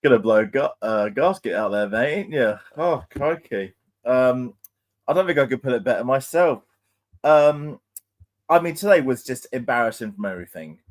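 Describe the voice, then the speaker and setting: A man's voice: medium pitch, animated, normal speed. A man co-hosting a fan channel, giving frustrated post-match views with many hesitations. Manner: frustrated, hesitant, lots of ums. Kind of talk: post-match analysis chat.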